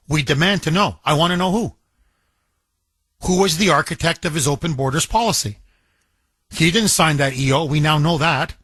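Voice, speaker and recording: Fired-up radio talk guy, husky, kinda high voice, dry studio sound. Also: fairly bright tone, no room sound. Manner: impassioned, indignant, emphatic. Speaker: radio talk show host. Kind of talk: talk radio monologue and call-in.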